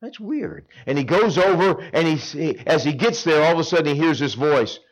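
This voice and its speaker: Middle-aged male youth-camp preacher; animated storyteller, big swings between loud and quiet. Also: on the high side, fairly quick, muffled recording. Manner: dramatic storytelling, acts out characters, swings between loud and hushed. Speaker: camp speaker. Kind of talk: animated sermon to teenagers.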